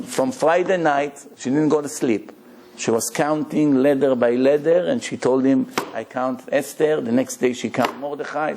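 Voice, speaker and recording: A man's voice: mid-range voice, vocal fry, a little mellow. A male rabbi giving a Torah lecture, telling stories animatedly and asking the audience rhetorical questions, in English that is not his first language. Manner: non-native English grammar.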